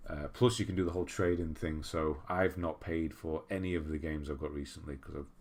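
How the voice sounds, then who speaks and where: Low-voiced man chatting on a livestream. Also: steady tone, a little fast, a little mellow. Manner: chatty, reads viewer messages aloud, laughs at himself. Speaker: livestream host reading chat. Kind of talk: casual livestream chat.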